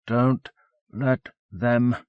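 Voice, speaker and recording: A man voicing a gravely injured, blind man who speaks faintly in halting bits of a few words. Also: mid-range voice, steady tone, no room sound, narrow, tinny audio, pitched above the performer's own voice. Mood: weak.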